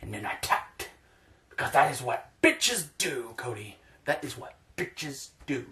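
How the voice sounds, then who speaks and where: A man putting on a mocking impression of a smug, whiny male fighter, drawn out in a low, mumbled voice. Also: very animated, measured pace, sharp tone, a little hiss or hum.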